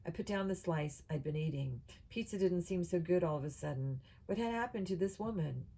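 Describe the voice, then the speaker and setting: A woman reading a children's novel aloud at a steady pace, with small slips and restarts. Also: lowish voice, brisk, gravelly, rough recording. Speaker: audiobook reader.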